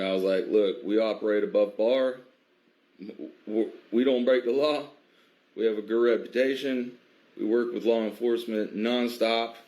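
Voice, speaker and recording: Measured low-voiced man recounting. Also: a little mellow. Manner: measured, filler-heavy, stops to restart. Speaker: biker advocacy group member. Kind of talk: recounting an incident, casual monologue.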